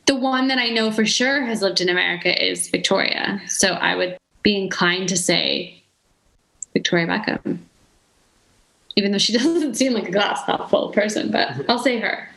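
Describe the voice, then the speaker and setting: A woman's voice: medium pitch, moderate pace, creaky, a bit bright. An English woman, a guest, chatting playfully on a podcast and trying out impressions. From England. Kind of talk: casual podcast chat. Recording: roomy echo.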